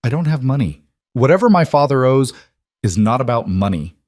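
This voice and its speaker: A man's voice: medium pitch, big pitch swings, brisk, darkish tone, dry recording, studio quality, voice pushed up, lightly acted. A man voicing a frightened young female art student, panicked and pleading.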